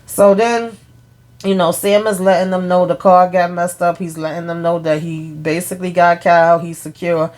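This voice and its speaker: A woman giving a casual TV episode recap, retelling scenes in an animated way with blunt opinions and mild cursing. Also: on the low side, normal speed. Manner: animated retelling, acts out characters' lines. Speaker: show recap host.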